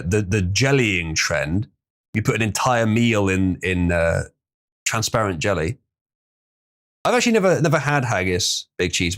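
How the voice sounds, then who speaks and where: A man hosting a live stream, chatting casually and reading viewer comments, rambling and opinionated with frequent ums. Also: lowish voice. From Britain.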